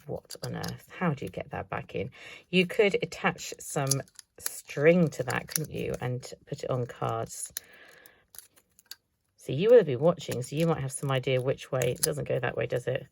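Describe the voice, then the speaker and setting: Give me a chatty woman with a low voice, rambling through her craft haul with a faint hiss behind. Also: creaky. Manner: chatty, thinks aloud, self-mocking asides. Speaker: craft vlogger. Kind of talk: casual chatty haul video.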